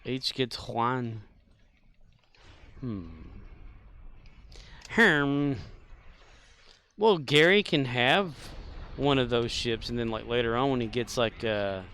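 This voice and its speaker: A man's voice: mid-range voice, takes it slowly, long pauses, a bit bright, clear, resonant tone. A man streaming a space game, chatting casually in a rambling, joking way full of fillers. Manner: rambling, jokey, filler-heavy. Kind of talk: casual gameplay commentary.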